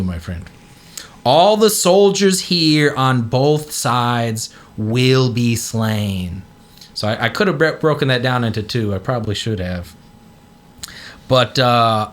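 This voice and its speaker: A man hosting a casual talk podcast, animated and often breaking into loud acted-out quotes. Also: mid-range voice, moderate pace. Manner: animated, swings into loud put-on voices. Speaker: podcast host. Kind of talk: casual chat.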